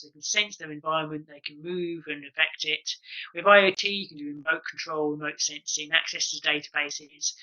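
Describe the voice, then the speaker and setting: Guy presenting on a video call, super bright sharp voice, lots of ums and uhs. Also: a little high, poor audio. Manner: explanatory, filler-heavy with many ums and uhs. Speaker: conference presenter. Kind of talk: online presentation with demos.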